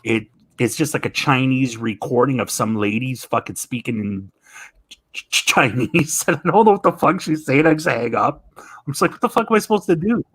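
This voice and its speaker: A man's voice: mid-range voice, normal speed, fairly bright tone, husky, no room sound, poor audio. A man chatting casually as a guest on a live stream, telling stories full of swearing and laughter. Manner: profane, laughing storyteller.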